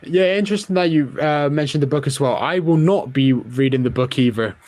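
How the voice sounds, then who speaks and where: A man's voice: fairly high pitch, brisk, a little mellow. A young man hosting a casual film review podcast, opinionated and chatty. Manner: opinionated, chatty with filler words. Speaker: podcast host.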